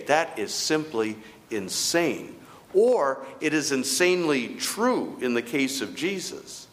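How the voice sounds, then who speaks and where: A man's voice: medium pitch, fairly bright tone. A man preaching a sermon in an emphatic, rhetorical way, repeating words for stress.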